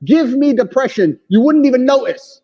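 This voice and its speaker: A man speaking high and lively, his voice dark and husky as he hammers home blunt, profane opinions. The sound is dull and lo-fi with a long reverb tail, like a big room. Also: moderate pace. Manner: forceful, profane, lectures with emphatic claims. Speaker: podcast guest.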